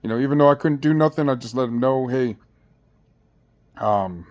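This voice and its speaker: A man's voice: mid-range voice, fairly even intonation, very fast, a little mellow, lo-fi sound. Slangy man telling a blunt jail story. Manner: rambling, slangy and blunt, with many restarts. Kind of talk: casual storytelling.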